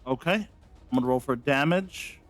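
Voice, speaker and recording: A man playing a tabletop game, describing his character's move in a deliberate, unhurried way. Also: medium pitch, soft background music. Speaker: player.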